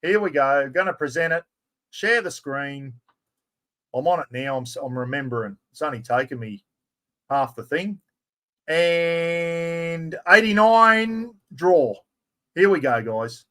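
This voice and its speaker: A middle-aged Australian man hosting a live giveaway stream, chatty and excitable, full of blokey slang. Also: medium pitch, normal speed. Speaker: livestream host.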